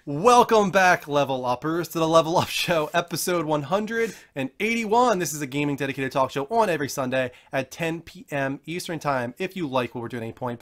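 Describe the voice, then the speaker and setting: A man hosting a gaming talk show, his voice sitting a little high for a man. He keeps things upbeat and chatty, rolling from jokes with his co-host into stream announcements.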